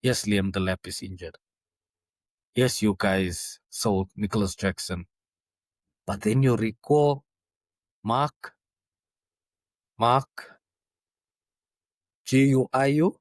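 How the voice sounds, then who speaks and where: A man's voice: fairly low pitch, takes it slowly, pauses often, dry recording. A man hosting a football podcast in a casual monologue, chatty and exasperated, stumbling over names.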